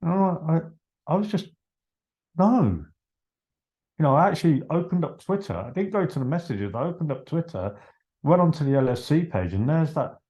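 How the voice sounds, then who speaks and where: A man telling a story on a podcast over a video call, animated, acting out his own dialogue and trailing off. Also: on the high side, fast, highs cut off. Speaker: podcast guest. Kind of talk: casual storytelling.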